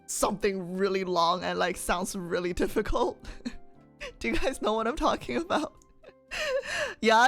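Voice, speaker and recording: A young woman streams and chats casually, reading out her viewers' comments and answering them. She laughs often and keeps turning to her audience with questions. Her pitch sits in an ordinary middle range. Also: a bit bright.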